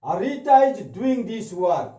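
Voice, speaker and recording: A man teaching an English grammar lesson, repeating each example sentence slowly. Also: high voice, big pitch swings, warm tone. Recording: echoey room, dull lo-fi sound.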